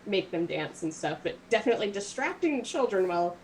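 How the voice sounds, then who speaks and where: A woman's voice: medium pitch, quick pace, rough recording. Woman narrating a tabletop game, over noise. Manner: relaxed, descriptive, with filler likes. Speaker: game master.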